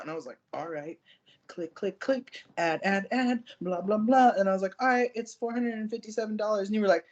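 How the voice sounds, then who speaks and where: A woman co-hosting a podcast, telling stories in a casual, profane, animated way and acting out the people she quotes. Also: medium pitch, brisk, highs cut off. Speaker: podcast co-host and powerlifter. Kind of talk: casual storytelling chat.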